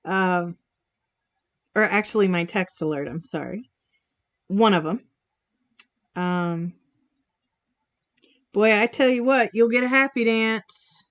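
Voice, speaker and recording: A woman's voice: mid-range voice, slow, long pauses. A woman hosting a charity live stream, chatting casually and giggling as she reacts to viewers' comments while she paints. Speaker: charity livestream host. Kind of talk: casual chat with chat readers.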